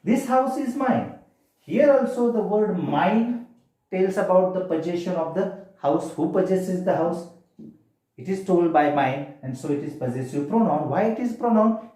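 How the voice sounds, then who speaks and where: A man's voice: sits high, lively intonation, normal speed, dark tone. A man teaching a grammar lesson, asking questions and answering them himself. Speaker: English teacher. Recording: very echoey room.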